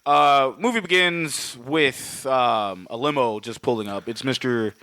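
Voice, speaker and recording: A man co-hosting a podcast, rambling and swearing as he recaps a movie and acts out its characters in quick bits. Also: medium pitch, pushed and bright, slight background noise. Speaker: podcast co-host. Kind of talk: casual movie recap chat.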